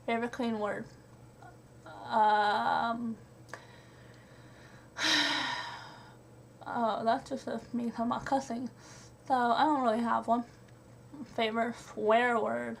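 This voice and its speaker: A woman's voice: fairly high pitch, level tone, slow pace, vocal fry, long pauses, a little hiss or hum. A young woman answering a list of questions in a home vlog, hesitant with lots of ums and little laughs. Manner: hesitant, many ums, giggly. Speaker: vlogger. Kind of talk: question-and-answer tag video.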